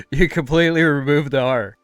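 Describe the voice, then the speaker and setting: A man's voice: on the high side, a bit bright, clean tone, no echo. A male streamer chatting casually with his live chat, playfully quizzing viewers on how they pronounce words. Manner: playful, teasing questions about pronunciation.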